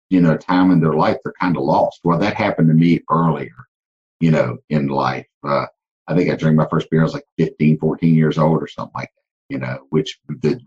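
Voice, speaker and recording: Deep-voiced Southern man with a twang. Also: a little mellow. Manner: earnest storytelling with many restarts. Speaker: guest, car dealership owner. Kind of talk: casual podcast interview. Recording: dull lo-fi sound.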